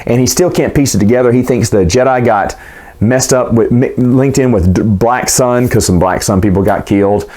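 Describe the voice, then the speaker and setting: A man talking through a book he just reread, in a loose and rambling way. He restarts sentences often and hedges as he goes. His pitch sits in an ordinary middle range for a man. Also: moderate pace, dark tone. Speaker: book reviewer. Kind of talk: casual book recap vlog.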